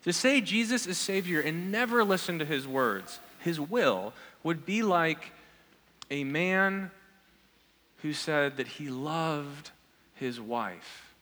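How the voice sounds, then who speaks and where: Male pastor, earnest sermon delivery with searching questions; bright, slightly high voice in a reverberant hall. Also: animated, slow pace. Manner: earnest, asks the congregation repeated questions. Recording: long reverb of a large hall.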